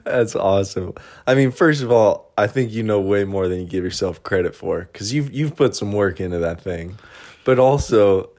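A man's voice: lowish voice, normal speed, a little mellow. Upbeat young man hosting a podcast. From Denver, Colorado. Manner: upbeat, laughs often. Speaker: podcast co-host. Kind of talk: casual podcast chat.

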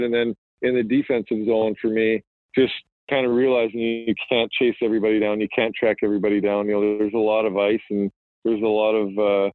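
A man in his thirties talks in a relaxed, rambling way, full of "uh" and "you know." His voice sits low and level, with little rise or fall. It comes through a thin, tinny phone line with a dry sound. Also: dry recording. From Manitoba, Canada. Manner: relaxed, rambling, frequent fillers and restarts. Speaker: guest, professional hockey player. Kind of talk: casual phone interview.

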